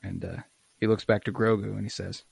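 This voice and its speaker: A man's voice: on the low side, steady tone, brisk, gravelly, husky, no room sound. A young man casually retelling an episode in a podcast chat, acting out lines in exaggerated voices and swearing freely. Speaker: podcast co-host recapping an episode.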